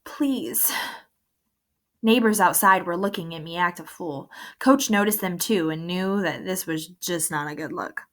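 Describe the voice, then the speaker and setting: A woman's voice: fairly low pitch, moderate pace, few pauses, a bit bright. Woman narrating an emotional novel. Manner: earnest, emotional storytelling. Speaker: audiobook narrator. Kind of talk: first-person novel narration.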